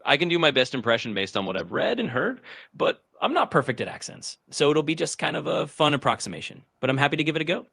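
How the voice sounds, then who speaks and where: A man's voice: on the high side, sing-song, fast talker, sharp tone, husky, no echo, studio quality. Upbeat synthetic male assistant voice. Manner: eager, agreeable, upbeat phrasing. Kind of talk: chatbot voice replying in a podcast chat.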